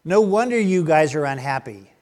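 A man's voice: on the high side, lively intonation, normal speed, darkish tone, natural voice. A man voicing a grape farmer who coaxes his vines, told as a story within a sermon. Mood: coaxing.

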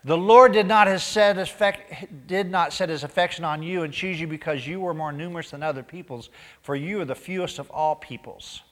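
A pastor delivers his sermon with a voice pitched a bit high, swinging between lively acted-out asides and soft, near-whispered emphasis. The sound carries the long reverb of a large church sanctuary. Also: fairly quick. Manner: animated, acts out quoted voices, drops to near-whisper for emphasis.

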